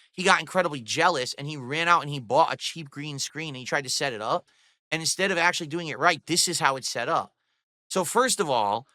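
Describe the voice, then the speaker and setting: Pitched fairly high with a sharp tone and no echo, a man rants during a livestream from his home studio. Into a boom-mounted studio microphone he mocks and curses a rival with scorn, speaking directly to viewers and chat.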